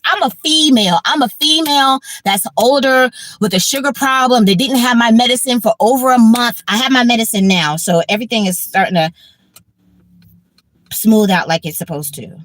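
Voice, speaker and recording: A woman's voice: fairly high pitch, moderate pace, fairly bright tone. A woman in her fifties, tired and blunt, talking casually on a livestream with profanity and repetition. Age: 50s. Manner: blunt, profane, repeats herself. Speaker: livestream host.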